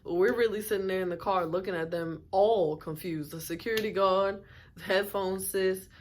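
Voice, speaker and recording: A woman vlogger doing an animated, amused storytime narration. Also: mid-range voice, normal speed, slight background noise.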